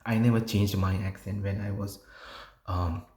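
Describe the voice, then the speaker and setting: A man giving exam prep tips in a casual tutorial, explaining slowly with many fillers and restarts. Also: low voice, fairly even intonation, darkish tone. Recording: echoey room.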